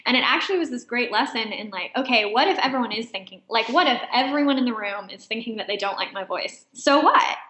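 A woman with a noticeably high voice tells a personal story in an animated, chatty way, laughing often as she goes. The recording has a roomy echo around her. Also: fast talker, hardly any pauses. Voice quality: high-pitched voice. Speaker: interview guest. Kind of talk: conversational storytelling.

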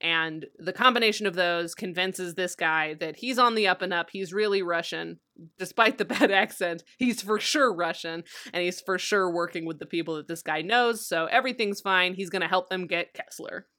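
A woman's voice: on the low side, moderate pace, bright, forceful tone. A woman co-hosting a podcast, chatty and casual, laughing and swearing as she recaps a TV episode. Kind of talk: casual chat.

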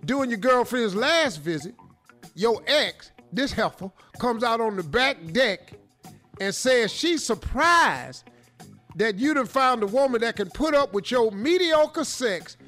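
Male host, animated, bright, acts out bits. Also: very high-pitched, a little slow, faint music behind. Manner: animated, acts out scenes in put-on voices. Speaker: radio show host. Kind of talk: comic advice commentary.

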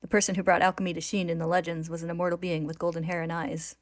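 A woman narrating a story recap in a steady, clear retelling. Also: lowish voice, very fast, no room sound.

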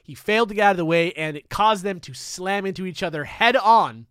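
Young guy podcast host, bright sharp voice, dry close mic, telling a story all animated. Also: high-pitched, fairly quick, clean tone, dry recording. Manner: animated, swearing, jokey asides. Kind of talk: casual storytelling chat.

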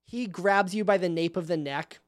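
A man's voice: high-pitched, moderate pace, no echo. Man, game master, tabletop narration, chatty, casual, dry close mic.

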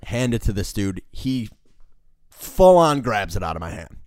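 Low-voiced young man telling stories. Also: big pitch swings, unhurried, darkish tone, no room sound, studio quality. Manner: rambling, laughs often, many fillers. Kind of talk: casual storytelling chat.

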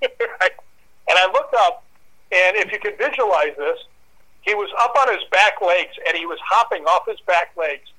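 In a high-sitting male voice at a moderate pace, an interview guest works through a dramatic story of his own on a rough recording. It's a lively performance, complete with acted-out voices and dog growls.

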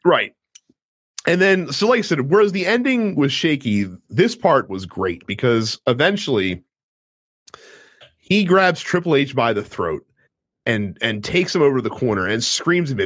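A man chatting casually about a wrestling show, telling the story with lots of energy and acting out bits of dialogue. His pitch swings up and down expressively, and the recording sounds dry and close with no room sound. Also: moderate pace, slightly rough, no echo. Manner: animated storytelling, acts out wrestlers' lines, swears casually. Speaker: podcast co-host. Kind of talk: casual wrestling recap chat.

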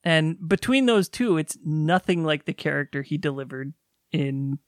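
Podcast co-host, mid-pitched, dry sound, laughs a lot and hedges. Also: lively intonation, moderate pace, no room sound. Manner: giggly, hesitant, filler-heavy. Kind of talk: casual chat.

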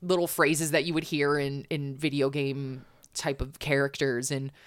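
A woman's voice: extremely low pitch, flat delivery, moderate pace, dry recording. A woman chatting on a podcast, talking casually with plenty of fillers and restarts. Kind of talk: casual chat.

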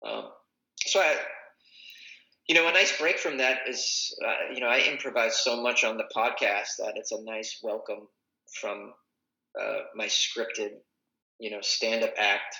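A man's voice: fairly low pitch, steady tone, measured pace, pushed and bright, echoey room, low-quality recording. A man, a comedian and podcaster, talking casually in a rambling way with lots of fillers and restarts. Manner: rambling, self-correcting, many fillers. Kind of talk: casual conversation.

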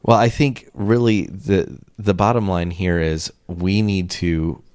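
A man co-hosting a comedy podcast, joking in a dry, deadpan way. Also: low voice, slow, clear, resonant tone, dry recording. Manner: deadpan, dry jokey delivery. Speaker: podcast co-host. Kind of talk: casual comedic chat.

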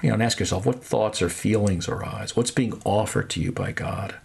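A man leading a guided prayer meditation, speaking gently with long pauses and soft trailing endings. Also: fairly low pitch, gravelly, husky. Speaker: pastor. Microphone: podcast microphone.

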